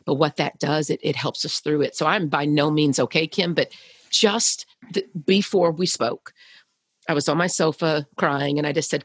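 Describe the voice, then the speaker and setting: A woman who leads a women's ministry shares her testimony in a husky, fairly low voice. She talks earnestly and from the heart, often restarting her sentences, and the recording is close and dry. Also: no echo. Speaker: podcast guest, women's ministry leader. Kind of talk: personal testimony in conversation.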